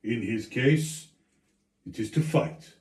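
A man's voice: mid-range voice, expressive, lightly acted. A man doing a stern dwarf senator. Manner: slow, grave pronouncements of judgment. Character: honorable blonde dwarf senator, stern and solemn. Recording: echoey room.

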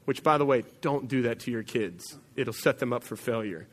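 Conversational preacher in an echoing church. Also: male voice, moderate pace. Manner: conversational, storytelling, drops low and quiet for emphasis. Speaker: pastor. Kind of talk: sermon.

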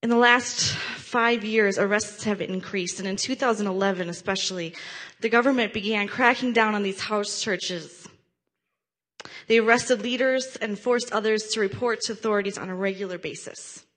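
A woman's voice: mid-range voice, moderate pace, fairly bright tone. Woman, mid-range voice, casual earnest host commenting on a documentary. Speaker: host of a Christian prayer video.

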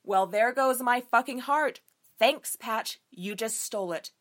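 A woman's voice: on the high side, a little slow. A young woman giving a casual book review, emphatic and enthusiastic, swearing freely as she gushes. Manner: emphatic, enthusiastic and frequently profane.

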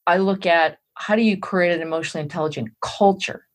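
A woman being interviewed as an expert, explaining ideas in an animated way and checking in with her listener as she goes. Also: fairly low pitch, fast talker. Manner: animated, explains step by step with "all right" check-ins. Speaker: guest expert on emotional intelligence.

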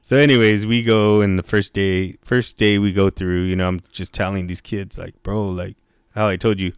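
A man with a lowish voice spins a profane, slangy story, pushing his pitch up whenever he quotes someone. The sound is close and dry with no room around it. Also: fairly even intonation, normal speed, clear, resonant tone, dry recording. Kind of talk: casual storytelling.

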